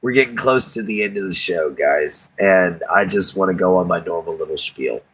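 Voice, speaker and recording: A man's voice: low voice, moderate pace, a bit bright, husky, low-quality recording. A man from Texas hosts a livestream. He chats casually with viewers in a rambling, folksy way and chuckles often. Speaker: livestream host. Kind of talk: casual chat with live viewers.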